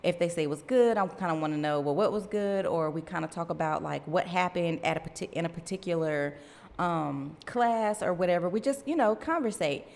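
A woman's voice: on the low side, fairly quick, vocal fry, darkish tone, in a large hall. A woman in her thirties, a mother casually telling a story to her viewers, chatty and self-mocking, calling them y'all. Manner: chatty, addresses viewers as y'all, laughs at herself.

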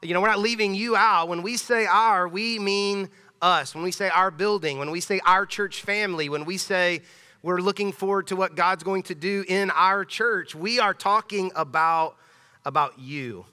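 A man's voice: high voice, normal speed, sharp tone, clean tone. A man in his thirties, a pastor giving a casual, emphatic sermon in a church sanctuary, often restarting his phrases. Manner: conversational, emphatic, with frequent restarts. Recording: long church hall reverb.

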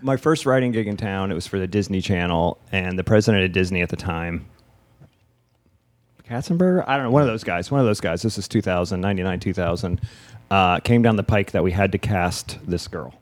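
A man hosting a casual comedy podcast in a club green room, telling stories with a laugh and quick asides. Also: deep voice. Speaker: podcast host.

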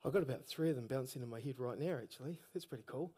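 A man with a New Zealand accent preaching a sermon, telling stories with energy and bursts of shouted emphasis. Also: mid-range voice, rapid-fire, slightly rough.

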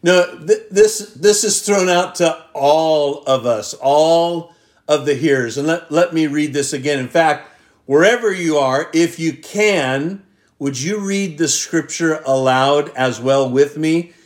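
A man preaching a sermon as pastor, reading scripture aloud and stretching key words out with long pauses for emphasis. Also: fairly high pitch. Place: church.

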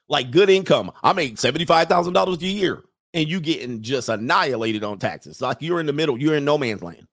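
A man's voice: on the high side, expressive, brisk, dry recording, studio quality. A man hosting a live stream, reading viewer comments aloud and riffing on them in a loose, joking way. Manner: loose, joking, talks straight to the chat. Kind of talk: casual commentary.

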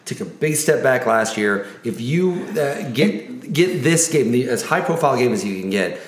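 Animated man chatting about football. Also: mid-range voice, normal speed. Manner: animated, lots of "like" and restarts. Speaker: podcast co-host. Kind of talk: casual sports talk. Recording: roomy echo.

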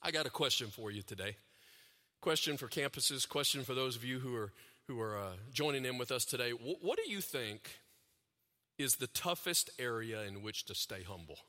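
A man preaching a sermon, talking to the audience with questions and repeated phrases, and growing louder and higher when he gets animated. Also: normal speed, in a large hall. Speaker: pastor.

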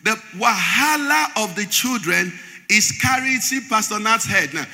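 A man's voice: high-pitched, lively intonation, unhurried, gravelly, pushed and bright. A man preaching a sermon, quizzing the congregation so they fill in his words. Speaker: pastor. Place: large church hall. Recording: echoey church hall.

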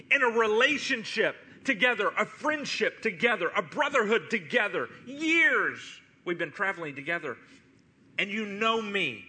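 A man's voice: sits high, pushed and bright. A man preaching a sermon as pastor, pleading and impassioned, with much repetition.

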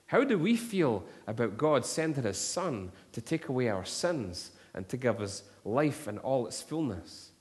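A man preaches with fervour, building from storytelling to near-shouted appeals. His voice sits in a middle register. A long reverb trails behind every line. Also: medium pitch. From Scotland. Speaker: pastor. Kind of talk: sermon.

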